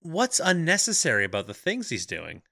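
Bright, wry podcast co-host man. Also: on the high side, wildly swooping pitch, normal speed, vocal fry, no echo, studio quality. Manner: wry, laughs often. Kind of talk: casual chat.

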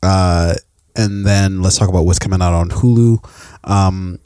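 Male podcast co-host, very deep voice, halting delivery, dry close sound. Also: fairly even intonation, mellow, clean tone, dry recording. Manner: hesitant, many fillers, easy laughter. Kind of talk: casual chat.

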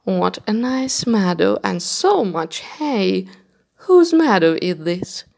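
A woman voicing a pleased, genial king in a storybook, speaking slowly with an admiring tone and a gravelly edge. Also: mid-range voice, expressive, darkish tone, heavily acted. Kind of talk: storybook reading.

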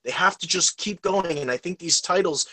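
A man from the United States hosting a podcast, talking in an animated, gushing way and plugging social media. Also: high voice, moderate pace, no echo. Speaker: podcast host. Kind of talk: excited podcast chat.

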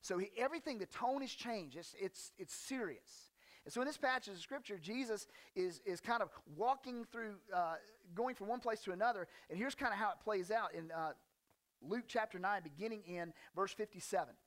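A male pastor preaching a casual, conversational sermon, folksy and joking with slang asides, and reading scripture with animated emphasis. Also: high-pitched, moderate pace.

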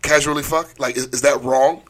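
A man's voice: medium pitch, fairly even intonation, normal speed, fairly bright tone. A man co-hosting a podcast in crude, laughing casual chat, teasing the others. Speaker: podcast co-host.

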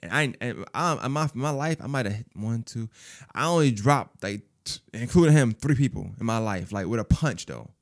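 Swearing freely in casual speech, a man recounts something that happened to him, animatedly performing the quoted voices of others. His pitch is medium and his speed normal.

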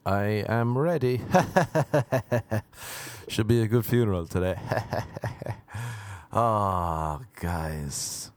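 A man's voice: fairly low pitch, expressive, very slow, pauses often, dry recording. A man hosting a podcast, riffing in a crude, sarcastic comedic monologue full of mocking impressions. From abroad, living in America. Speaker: podcast host.

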